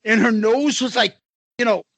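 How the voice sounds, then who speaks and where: A man's voice: very high voice, moderate pace, vocal fry, a bit bright, dry recording. A man co-hosting a podcast, out of breath from laughing as he tells a profane story. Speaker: podcast co-host. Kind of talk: casual storytelling.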